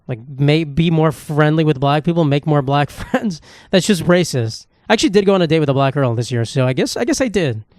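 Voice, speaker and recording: Podcast host, male, rambling and sarcastic, swears a lot, quick delivery with a slightly high voice, dry close sound. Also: expressive, a little mellow, no room sound. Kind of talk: casual solo comedy podcast monologue.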